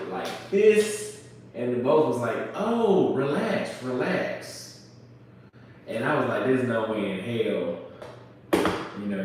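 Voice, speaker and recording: A man from the United States casually telling a travel story, swearing and acting out shouted quotes. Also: mid-range voice, slight background noise. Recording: very echoey room, voice from far off.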